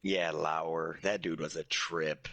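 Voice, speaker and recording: A young man co-hosting a podcast, telling loose, profane stories from high school in casual chat. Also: level tone, slow pace, fairly bright tone. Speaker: podcast co-host.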